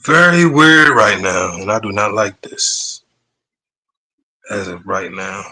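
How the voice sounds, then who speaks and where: A man's voice: on the low side, slow pace, sharp tone, rough recording. A man hosting a live-streamed show, talking loosely in casual slang, flustered and apologetic as he stumbles over his words. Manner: apologetic and flustered by tech trouble. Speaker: podcast host. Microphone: streaming setup mic.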